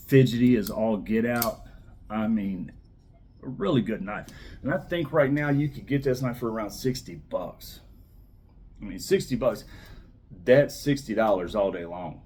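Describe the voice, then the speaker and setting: Man, lowish voice, casual knife-review host, excited and repetitive, faint hiss behind. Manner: enthusiastic, repeats himself, trails off softly.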